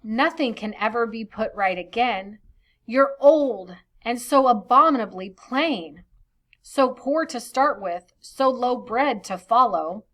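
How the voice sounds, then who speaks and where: A woman reading the lines of a petulant young knight as slow, plainly spoken verse. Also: on the high side, expressive, a bit bright. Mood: scornful.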